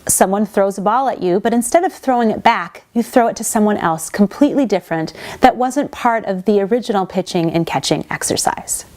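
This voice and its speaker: A woman's voice: mid-range voice, fairly quick, hardly any pauses, a little mellow. A woman giving an inspirational talk about communication in an earnest, explanatory manner. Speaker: speaker.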